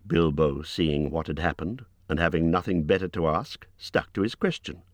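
A man narrating an audiobook in a measured, expressive storytelling manner. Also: very deep voice, dry recording.

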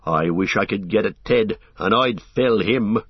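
A man's voice: mid-range voice, a little slow, breathy edge, no room sound. A man voicing a loyal, homely male hobbit servant with rustic country speech, on a dull lo-fi recording. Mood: outraged.

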